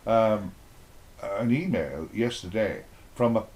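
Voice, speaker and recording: A man's voice: fairly low pitch, lively intonation, measured pace, darkish tone. Older man, rambling playful storyteller. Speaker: actor interviewee. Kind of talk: relaxed reminiscing interview.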